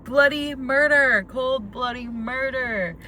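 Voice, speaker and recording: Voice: high-pitched, pushed and bright, a little hiss or hum. A podcast co-host chatting casually about a film and jumping in with reactions. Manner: laughing reactions and quick interjections. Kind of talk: casual movie recap chat.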